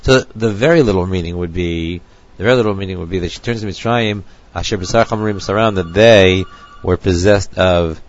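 A man teaching a text lecture, measured and thinking aloud as he goes. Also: low-pitched, dull audio. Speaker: Torah teacher.

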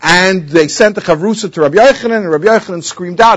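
A man's voice: high-pitched, fairly quick, hardly any pauses, a bit bright, lo-fi sound. A man giving a Talmud lecture in English, explaining the text and telling its stories with many Hebrew and Aramaic terms. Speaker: Talmud teacher.

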